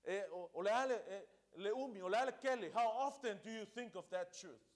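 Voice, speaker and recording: A pastor delivers a sermon from the pulpit at a quick pace, his voice pitched high for a man. He drives his points home through emphatic repetition and switches back and forth between two languages.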